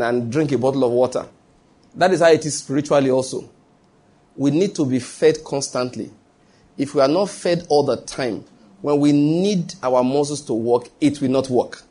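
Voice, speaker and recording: A man's voice: mid-range voice, darkish tone. A man preaching a sermon, often checking that his listeners follow him and restarting his phrases.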